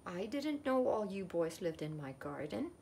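A woman's voice: fairly low pitch, very animated, normal speed, darkish tone, a little hiss or hum. A woman voicing a polite small boy who keeps asking for his ball, in a storybook reading. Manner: polite, pleading.

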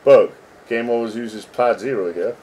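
A man's voice: mid-range voice, moderate pace, dark tone, slight background noise. A middle-aged man, a game developer chatting casually and joking as he reads code names aloud. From England. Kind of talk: casual commentary while reading code.

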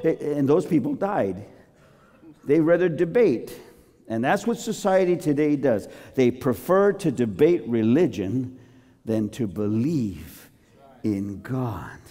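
A man's voice: medium pitch, animated, slow, mellow. A man preaching a sermon, theatrical and joking as he tells a story. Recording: long reverb of a large hall.

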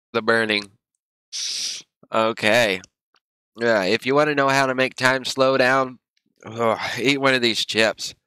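A man's voice: mid-range voice, bright, forceful tone, clear, resonant tone, dry recording. A man livestreaming casually, rambling and groaning in pain with teary eyes and a running nose. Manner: rambling, groaning and gasping from spicy heat. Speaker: streamer.

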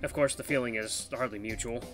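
A man reading a visual novel's second-person narration with brisk, lively storytelling. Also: medium pitch, soft background music.

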